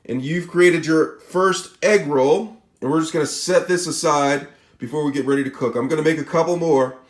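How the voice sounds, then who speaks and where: A man's voice: fairly high pitch, moderate pace, reverberant. A man with a Spanish accent giving a casual step-by-step cooking demonstration, often checking in with "all right?" and "okay?". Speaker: cooking channel host.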